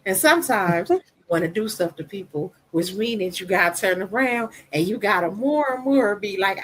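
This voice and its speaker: A woman with a soft voice, speaking as a podcast guest in a candid, emphatic conversation, retelling her story with lively repetition. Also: mid-range voice, normal speed, poor audio.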